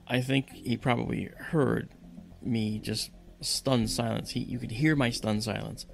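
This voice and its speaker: A man telling a story on a podcast in a lively, casual way and acting out the dialogue. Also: mid-range voice, normal speed, vocal fry, soft background music. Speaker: podcast guest. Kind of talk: casual spoken anecdote.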